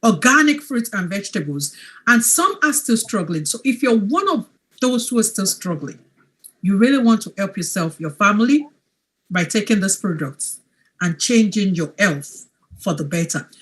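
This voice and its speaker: Sex: woman. Role: wellness coach host. Style: testimonial chat. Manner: earnest, emphatic, lively rising and falling pitch. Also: normal speed. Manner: earnest, emphatic, repeats points. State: emotional, near tears.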